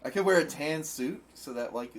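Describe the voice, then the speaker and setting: A man's voice: a little high, animated, normal speed, gravelly, slight background noise. A young man co-hosting a casual podcast from a shared desk, bantering playfully and laughing readily. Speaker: podcast co-host. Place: at a shared desk in a home streaming setup.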